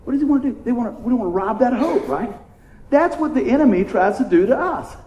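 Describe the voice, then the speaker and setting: High-voiced preacher in an echoey room. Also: male voice, lively intonation, fast talker, darkish tone, lo-fi sound, slight background noise. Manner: playful, call-and-response preaching with frequent "amen?". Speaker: pastor. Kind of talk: sermon.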